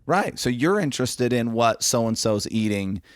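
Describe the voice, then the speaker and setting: A man's voice: medium pitch, lively intonation, a little slow, dry recording, studio quality. A man talking as a guest photographer in a casual podcast conversation, emphatic and acting out the reactions he quotes.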